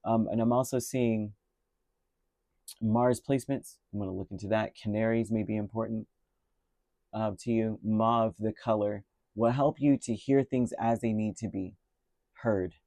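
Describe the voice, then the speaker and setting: A man's voice: fairly low pitch, fairly even intonation, normal speed, warm tone, dry recording. A middle-aged man giving a casual, rambling tarot reading and telling a story along the way, with many restarts. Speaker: tarot reader.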